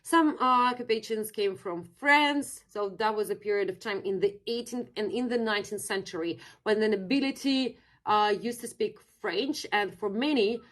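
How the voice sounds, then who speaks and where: A woman's voice: mid-range voice, moderate pace, hardly any pauses, fairly bright tone. A young woman from Russia with a Russian accent, teaching her native language in a chatty live-stream lesson and answering viewers in the chat.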